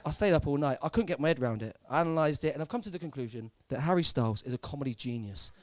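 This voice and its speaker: Racing through his live set on a comedy club stage, a deadpan young comic from Southampton, England speaks in a fairly high male voice. He hesitates often, leaning on fillers and repeats.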